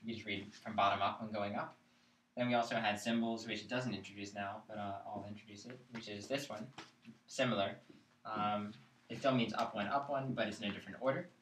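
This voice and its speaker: A man's voice: lowish voice, steady tone, a little fast, a bit bright, a little hiss or hum. A man teaching a chant class, explaining patiently and checking in with his students. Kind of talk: live classroom lesson. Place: classroom, live-streamed. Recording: echoey room, mic far off.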